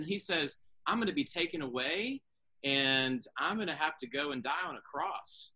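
A man leading a children's chapel talk, chatting gently with a puppet and telling a story. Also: fairly high pitch, normal speed. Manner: gentle, animated, talks to a child. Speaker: school chapel leader.

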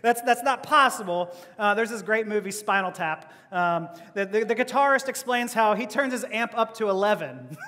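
A man's voice: high voice, lively intonation, normal speed, hardly any pauses, a bit bright. A man preaching a sermon as pastor, conversational, with rhetorical questions and laughing asides. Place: church hall. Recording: long hall reverb.

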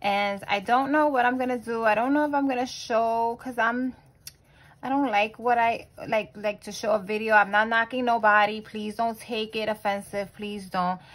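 A young adult woman and mother hosting a budgeting vlog, talking casually with lots of fillers and restarts, and quietly counting money under her breath. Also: on the high side, steady tone, moderate pace, low-quality recording. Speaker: budgeting channel host.

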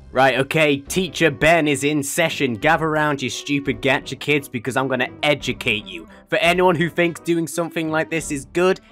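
A young man reacts to posts as a YouTuber, giving comedic commentary full of sarcasm, frequent laughter and mocking voices. His voice sits a little high and has a fairly bright tone.

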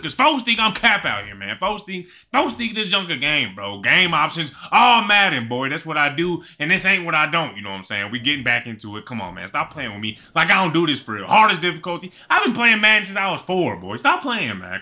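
A young man commentates his own football video game, hyping himself up and breaking into shouts and sing-song bragging. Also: a little high, sing-song, fairly quick. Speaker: gaming YouTuber. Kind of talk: excited live game commentary.

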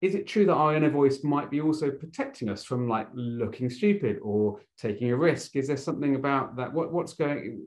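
A man's voice: mid-range voice, expressive, a little fast, few pauses, darkish tone. A man hosting an interview, asking thoughtful questions with small restarts. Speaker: host.

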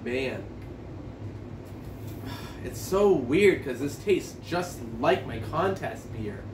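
A man's voice: mid-range voice, big pitch swings, very slow, noisy background. A man telling a rambling, stammering, profane story while reviewing a beer in a casual vlog. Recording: echoey room, distant from mic.

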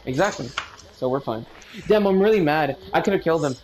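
A man's voice: fairly high pitch, lively intonation, fairly quick, poor audio. A young man in casual, profane chat with friends while playing a shooter game, joking and calling out where the enemies are over a headset. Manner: joking, profane, calls out enemy positions. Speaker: gamer calling out plays.

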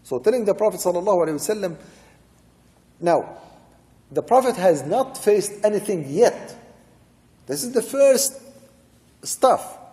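A man with a fairly high, warm and mellow voice gives a religious lecture. He recites short Arabic verses, then explains them in English, circling back to his key points. His voice rings out with a long reverb, as if in a large hall. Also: expressive, measured pace, pauses often. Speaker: sheikh teaching Quran commentary.

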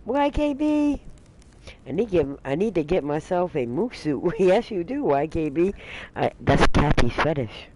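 A man's voice: on the high side, big pitch swings, unhurried, darkish tone, slight background noise, rough recording. A man hosting a livestream, chatting casually and teasing with frequent laughter. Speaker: livestream host.

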